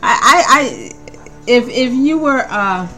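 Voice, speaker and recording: A woman's voice: fairly high pitch, animated, slow, pushed and bright, faint music behind. A woman hosting a casual solo podcast, rambling and stammering with frequent laughter. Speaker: podcast host.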